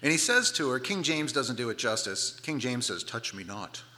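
A middle-aged man preaching a sermon, telling the story with playful asides and dropping to soft, hushed tones for tender moments. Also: mid-range voice, big pitch swings, moderate pace. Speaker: pastor.

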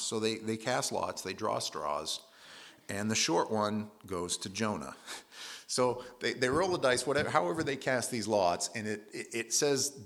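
A man's voice: fairly low pitch, lively intonation, normal speed, vocal fry, fairly bright tone. A man preaching a conversational sermon, retelling scripture in everyday words with casual asides.

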